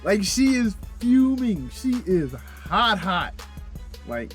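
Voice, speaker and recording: High-voiced man, profane reaction commentary. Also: lively intonation, a little slow, soft background music. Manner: profane, exasperated, slangy. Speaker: reaction video host.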